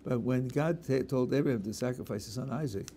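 Warm-voiced rabbi giving an emphatic lecture. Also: male voice, medium pitch, brisk, slight background noise. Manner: emphatic, explains with worked examples and repeated stresses. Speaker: rabbi answering questions.

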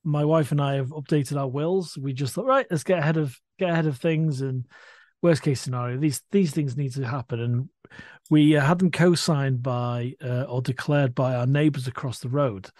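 A middle-aged man co-hosting a podcast, chatting enthusiastically with many halting restarts. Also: mid-range voice, steady tone, a little mellow, dry recording. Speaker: podcast co-host. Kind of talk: casual chat.

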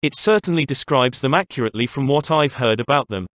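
A man's voice: mid-range voice, lively intonation, fast, fairly bright tone, no room sound, clean studio sound, lightly acted. A man voicing an earnest young woman who explains things in a friendly way.

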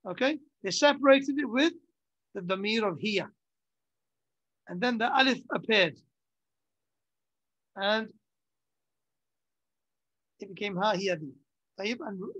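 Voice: mid-range voice, a little slow, long pauses, fairly bright tone, dry recording, muffled recording. A teacher giving a classroom Arabic grammar lesson in English. The teacher repeats key terms and checks understanding with short questions.

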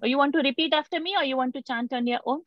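A patient woman who teaches chanting and walks through each sound group slowly. Her voice sits a little high for a woman. It comes through a video call that sounds dry and dull, with no room at all. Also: dry recording. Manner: patient, spells out syllable groups repeatedly. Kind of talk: online class teaching pronunciation.

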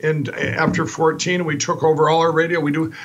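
Fast-talking, high-voiced male guest from Minnesota. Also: highs cut off. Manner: rapid, run-on, animated retelling with many restarts. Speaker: guest, company founder. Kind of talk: fast rambling storytelling.

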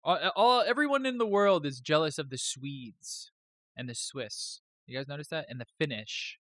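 A man's voice: fairly high pitch, animated, normal speed, fairly bright tone, no echo. A man hosting a live stream, chatting casually in a rambling, joking way with some swearing.

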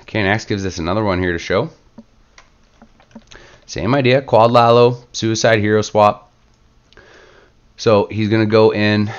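A man hosting a gaming channel, relaxed and chatty in casual play-by-play commentary, sick and stuffed up. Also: on the low side, smooth, dull audio. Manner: relaxed, chatty, lots of filler words.

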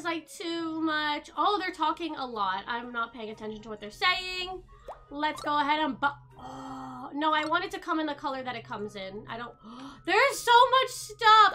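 Soft game music plays beneath a woman streamer whose voice is high and bright. She chats casually with her audience as she plays, letting out excited gasps at every new discovery.

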